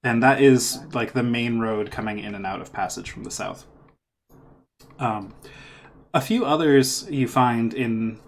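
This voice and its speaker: A man's voice: medium pitch, measured pace, vocal fry, a little hiss or hum. A man narrating as game master of a tabletop game on a voice call, loosely and meanderingly.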